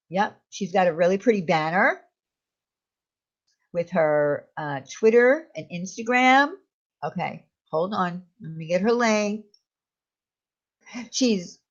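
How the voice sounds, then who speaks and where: A woman hosting a casual live stream, chatting with viewers and reading their comments aloud. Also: medium pitch. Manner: chatty, reassuring, talks to chat by name. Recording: slightly dull lo-fi stream audio.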